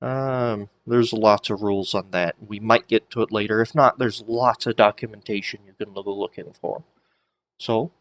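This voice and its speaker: A man's voice: mid-range voice, normal speed. A man teaching a language lesson, patiently spelling out letters and sounding out words as he asks and answers his own questions. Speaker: Greek teacher. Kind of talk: slow spoken lesson.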